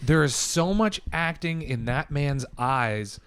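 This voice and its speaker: A man's voice: on the high side, expressive, slow, a bit bright, smooth, dry recording. A man co-hosting a casual podcast, chatting animatedly about a movie, swearing freely and retelling jokes in little voices. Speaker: podcast co-host. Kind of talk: casual chat.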